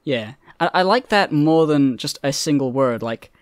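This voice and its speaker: Dude cohosting a podcast, pitch all over the place, giggly and hesitant, dry. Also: male voice, animated, moderate pace, no echo. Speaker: podcast co-host. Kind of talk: casual chat.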